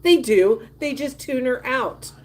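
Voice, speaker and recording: Livestream host: woman, fairly high voice, gossipy and emphatic, chatting to viewers. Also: a little slow, darkish tone. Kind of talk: casual livestream chat reading comments.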